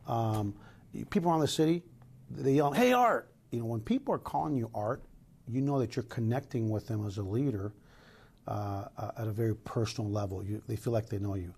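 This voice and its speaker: A man's voice: fairly low pitch, fairly quick, warm tone, slightly rough. A middle-aged man from Los Angeles, a police chief answering news interview questions in an earnest, emphatic way with many restarts.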